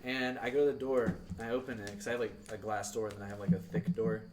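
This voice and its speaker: A man's voice: fairly low pitch, flat delivery, quick pace. Young male podcaster, rambling storyteller, distant mic, noisy crowd behind; loose, filler-heavy delivery. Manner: rambling, lots of filler words, laughs through the story. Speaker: podcast co-host. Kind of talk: casual storytelling chat.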